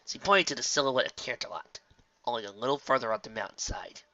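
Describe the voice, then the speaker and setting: Bright-voiced man reading a storybook. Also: mid-range voice, animated, fast, no echo. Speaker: audiobook reader. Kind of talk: fan fiction audiobook narration. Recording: dull lo-fi dry recording.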